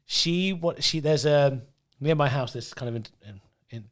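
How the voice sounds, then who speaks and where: A man's voice: a little high, normal speed. Joking man bantering on a podcast. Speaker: podcast co-host. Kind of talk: casual chat.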